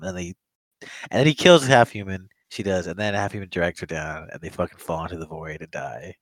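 A man's voice: low-pitched, brisk, dry recording, poor audio. A man reviewing an old monster movie in casual chat, rambling, swearing often and laughing at the story as he retells it. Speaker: podcast co-host.

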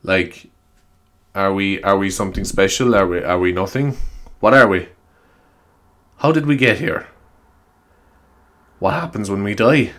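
A man's voice: low voice, unhurried, pauses often, a bit bright. A man playing a frazzled schoolteacher with an Irish accent who rambles through rhetorical questions. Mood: exasperated. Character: frazzled male schoolteacher in existential crisis. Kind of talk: comic sketch.

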